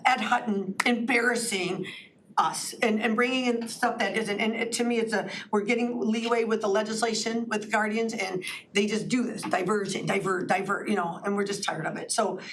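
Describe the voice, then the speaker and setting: A woman's voice: mid-range voice, steady tone, moderate pace, recorded from a distance, a little hiss or hum, low-quality recording. A woman speaking during public comment at a county board meeting, impassioned and pleading, rambling with restarts.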